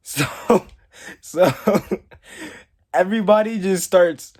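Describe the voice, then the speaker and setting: A man's voice: medium pitch, measured pace, a little mellow. A young man telling a story casually to camera, rambling and saying "like" often. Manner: rambling, heavy use of "like". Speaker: storytime vlogger.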